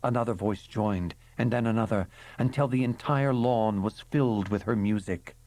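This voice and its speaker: A man reading a fantasy novel aloud in measured, dramatic narration. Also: on the low side, dark tone. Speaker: audiobook narrator. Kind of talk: scripted narration.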